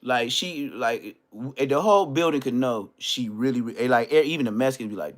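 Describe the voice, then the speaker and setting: A man telling stories as a podcast guest, in slangy, animated casual talk full of restarts. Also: mid-range voice, a little fast. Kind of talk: casual storytelling.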